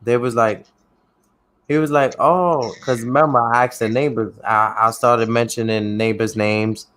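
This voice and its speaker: A man's voice: medium pitch, flat delivery, normal speed, a bit bright, poor audio. Laid-back man with a mid-range voice who tells stories in casual chat and keeps checking that the listener follows.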